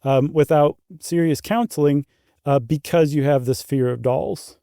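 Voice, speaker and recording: A man's voice: fairly high pitch, measured pace, vocal fry, warm tone, smooth, dry recording, clean studio sound. A middle-aged man co-hosting a podcast, explaining in a chatty way with many fillers. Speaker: podcast co-host. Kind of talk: casual chat.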